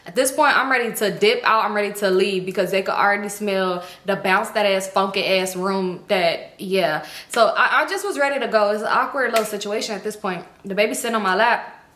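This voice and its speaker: Brief: young woman vlogger, bright tone, animated and slangy storytelling, echoey room. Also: a little fast. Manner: animated, acts out quotes with big pitch jumps; profane, slangy. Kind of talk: casual storytelling.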